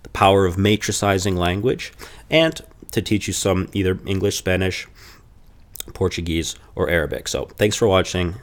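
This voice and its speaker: Deep-voiced man teaching a language lesson. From Chicago. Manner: explanatory, repeats example phrases slowly.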